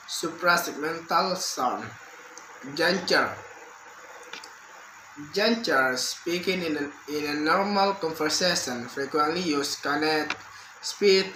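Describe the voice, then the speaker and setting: A man's voice: fairly high pitch, lively intonation. A young man, a university student reading a prepared exam answer aloud, carefully and with restarts. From Indonesia. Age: young adult. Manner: slow, careful reading with repeated words and restarts. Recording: echoey room with faint background hum.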